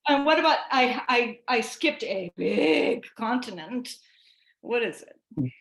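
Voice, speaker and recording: A woman giving a chatty online talk to teachers, animated and given to restarts. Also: on the high side, takes it slowly, gravelly, roomy sound. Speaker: presenter.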